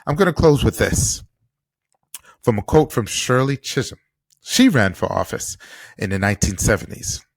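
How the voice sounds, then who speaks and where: A man's voice: medium pitch, sing-song, moderate pace, vocal fry, pauses often, no echo. A man hosting a political podcast, delivering an impassioned commentary monologue full of rhetorical questions. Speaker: podcast host.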